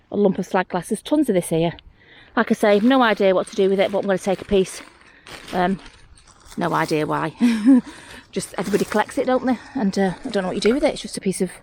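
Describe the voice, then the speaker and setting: A woman chats her way across an outdoor hillside. She talks half to herself and half to the viewer, and she gets easily excited over little things she spots. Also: mid-range voice. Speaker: mudlarking vlogger. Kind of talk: casual running commentary while searching. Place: outdoors on a hillside rubbish tip.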